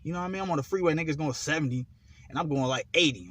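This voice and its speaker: A man's voice: fairly high pitch, expressive, fast talker. Cursing, intense man preaching shadow work. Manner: heavy cursing, rhetorical questions, swings between loud and muttered. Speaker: occult vlogger. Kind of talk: profane self-help monologue.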